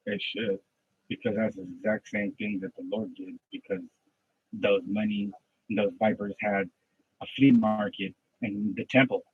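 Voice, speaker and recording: A man practicing a podcast monologue, ranting passionately like a preacher and then dropping to low muttering, recorded at home. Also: steady tone, measured pace, narrow, tinny audio, a little hiss or hum. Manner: impassioned preachy rant, swings from loud to low muttering. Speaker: aspiring podcaster.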